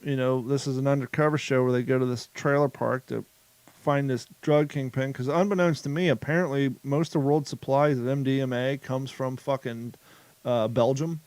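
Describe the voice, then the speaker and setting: A man's voice: medium pitch, fairly even intonation, moderate pace, a little mellow, no room sound. A man hosting a casual podcast, rambling loosely and swearing freely as he chats. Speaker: podcast host.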